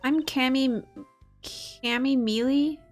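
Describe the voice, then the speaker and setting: A woman's voice: high voice, steady tone, takes it slowly, faint music behind. A woman doing a spaced-out sleepy flight attendant. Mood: drowsy. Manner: dreamy, spaced out.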